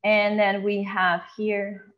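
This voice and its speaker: Woman teacher, online class lecture, keeps checking in with the class, slows for examples, muffled lo-fi audio. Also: medium pitch, level tone. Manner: explanatory, frequent tag questions, slows to read examples aloud.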